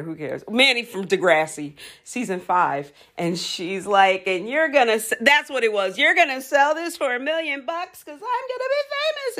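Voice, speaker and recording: A mid-range, slightly bright female voice. She's a podcast host talking solo at home, chewing food as she goes, giggly and prone to losing her place and starting over in her rambling talk.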